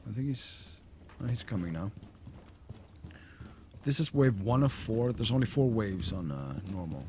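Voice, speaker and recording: A man talking casually over his gameplay, loose and rambling with plenty of fillers. His voice is low but swings widely in pitch. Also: expressive, measured pace, background noise. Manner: laid-back, rambling, with fillers. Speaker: gamer commentator.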